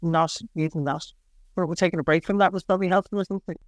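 A woman's voice: lowish voice, fairly even intonation, quick pace. A middle-aged Irish woman speaks as an interview guest, frank and self-mocking. She stops and restarts often and scatters fillers through her talk. Her voice is recorded close and dry, with no room echo. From Northern Ireland. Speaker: writer guest.

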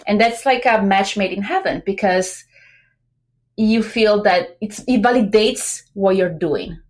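A pregnant woman talking as a guest on a business podcast, chatty and lively, acting out quoted remarks between many fillers. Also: medium pitch, a little slow. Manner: animated, acts out quoted voices, many fillers. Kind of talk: casual interview talk.

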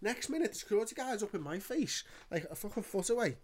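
Man, ranting storyteller, swears a lot, fairly high voice. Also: big pitch swings, quick pace. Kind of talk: casual chat, storytelling.

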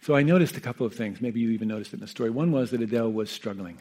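A man, a meditation teacher who sat with the dying, gives an unhurried, reflective talk, often checking in with his listeners. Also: medium pitch. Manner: gentle, unhurried, often asks "Yeah?" and "you know". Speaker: meditation teacher and hospice caregiver.

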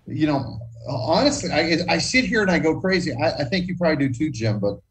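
A man's voice: a little high, lively intonation, fairly quick, distant mic, poor audio. An American man in a casual chat, enthusiastic, repeating words and filling with "you know". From United States.

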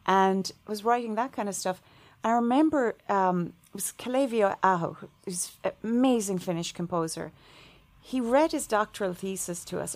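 A middle-aged woman from Ireland, a composer, telling stories in an interview and acting out quoted voices. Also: mid-range voice. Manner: animated, acts out quoted voices with laughs. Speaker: composer guest. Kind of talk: storytelling interview answer.

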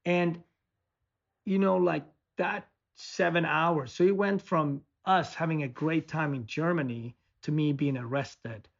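A man's voice: on the high side, measured pace, creaky. A man telling a personal story in casual conversation, rambling with frequent restarts and fillers. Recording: muffled lo-fi audio.

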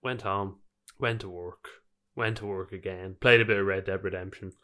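A man's voice: low voice, steady tone, normal speed, pushed and bright. Dry young man, rambling. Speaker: podcast co-host. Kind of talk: casual football podcast chat.

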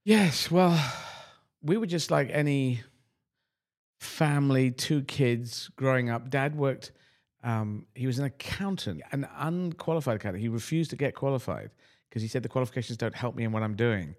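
A middle-aged man from the United Kingdom, a guest talking in a rambling, animated, self-deprecating way. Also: mid-range voice, moderate pace. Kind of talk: casual conversational interview.

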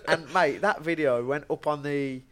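A man's voice: a little high, normal speed, a bit bright. A young man, a bare knuckle fighter chatting as a podcast guest, telling stories in a rambling way, swearing and laughing often. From Birmingham, England. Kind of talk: casual chat.

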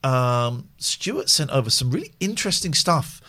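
A man's voice: mid-range voice, big pitch swings, moderate pace, bright, forceful tone. A man hosting a late-night phone-in show, chatting casually, teasing callers and reading sponsor plugs. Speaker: radio phone-in host.

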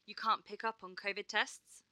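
A woman's voice: mid-range voice, level tone, sharp tone, no room sound. A woman co-hosting a podcast, blunt and sweary in casual chat. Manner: blunt, sweary, quick to react. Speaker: podcast co-host.

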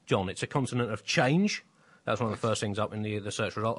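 A man co-hosting a satirical comedy podcast, reading out phrases with dry irony and dropping into low muttered asides. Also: expressive, fast. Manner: dry, ironic, swings between bright and low asides.

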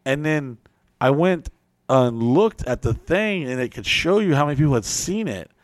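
A man hosting a podcast, telling stories in a casual, profane, animated way. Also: on the high side, moderate pace, dry recording. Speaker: podcast host. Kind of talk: casual storytelling chat.

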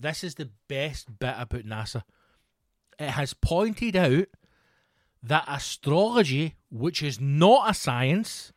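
A male podcast host rants in a sweary, incredulous way, his voice sitting somewhat high. The sound is dry and close, with no room behind it. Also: dry recording. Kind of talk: comedy podcast rant.

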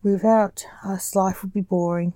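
A woman voicing a teasing, barbed male vampire sorcerer in a slow storybook reading. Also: mid-range voice, fairly even intonation, dark tone, dry recording, close to an everyday voice.

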